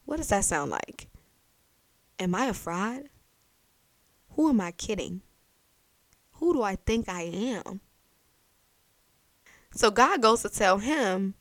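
A young adult woman hosting a faith podcast, telling a Bible story in a lively, chatty way. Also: medium pitch, slow, long pauses, dry recording. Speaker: podcast host. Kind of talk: faith-based podcast talk.

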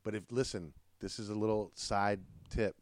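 Joking dad hosting a podcast. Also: male voice, on the low side, normal speed, dry recording. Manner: animated, joking, laughs often. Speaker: podcast host, father. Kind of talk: casual family podcast chat.

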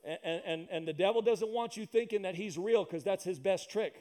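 A pastor preaches a sermon in a church with loudspeakers, emphatic and repetitive, tossing asides and jokes to the congregation. His voice sits high and is a little mellow, and he speaks briskly.

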